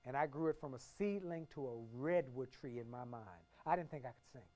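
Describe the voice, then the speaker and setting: A motivational speaker in his fifties, from the Washington, D.C. area, working a keynote. His voice sits at a middling pitch for a man, and he builds his points through repetition. He drops into near-hushed confession and then surges to booming emphasis. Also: fairly quick.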